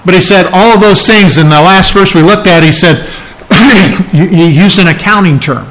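A man preaching an expository sermon, emphatic and climbing higher in pitch when his delivery gets excited. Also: moderate pace, rough recording. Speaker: pastor.

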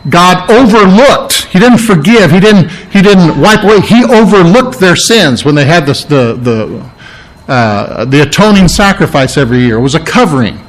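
Emphatic male preacher, fairly high voice. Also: big pitch swings, moderate pace, poor audio. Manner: emphatic, repeats key words, explains Greek words. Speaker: pastor. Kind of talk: sermon.

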